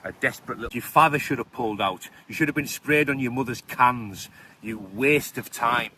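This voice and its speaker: A man's voice: mid-range voice, normal speed, sharp tone, slight background noise. A man, a fighter, mocking and taunting a rival with a stream of coarse insults outdoors. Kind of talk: insulting call-out rant.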